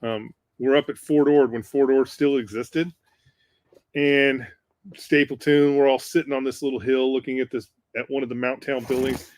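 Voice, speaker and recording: A man telling a profane war story on a casual podcast, animated and swearing freely. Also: medium pitch, moderate pace, no echo. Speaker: podcast co-host.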